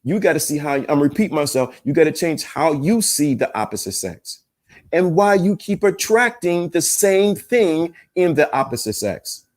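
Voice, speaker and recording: A man's voice: on the high side, expressive, moderate pace. A man hosting a live-streamed relationship podcast, talking to his chat in an emphatic, preachy way and often repeating himself. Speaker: podcast host. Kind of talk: live-streamed self-help talk.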